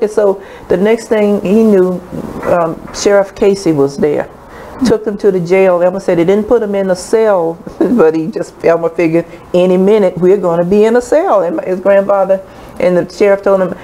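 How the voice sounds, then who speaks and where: A woman's voice: medium pitch, moderate pace, dark tone, low-quality recording. A woman telling a folksy story on a radio show, acting out the characters' voices. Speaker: storyteller guest. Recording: faint background noise.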